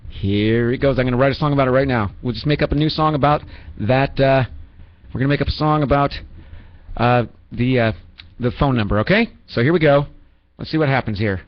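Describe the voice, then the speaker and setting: Heard through dull lo-fi radio audio with faint background music and no room sound, this man speaks in a mid-range voice at normal speed. His call-in show is joking banter as he rambles, teases the callers, and pokes fun at himself.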